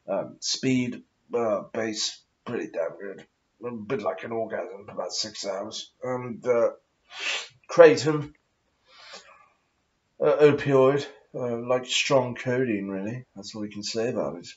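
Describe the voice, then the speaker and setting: This vlogger, a man speaking slowly with a posh English accent, wanders through a sweary monologue between drags on a cigarette. His voice sits in the middle range, the audio is muffled, and he keeps poking fun at himself as he drifts.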